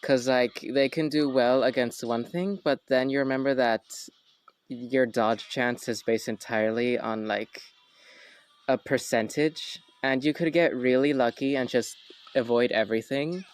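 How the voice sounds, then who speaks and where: A man's voice: mid-range voice, fairly even intonation, measured pace, clean tone, low-quality recording. Offhand joking man hosting a chat. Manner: joking, self-correcting, offhand. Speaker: host. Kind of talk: casual chat.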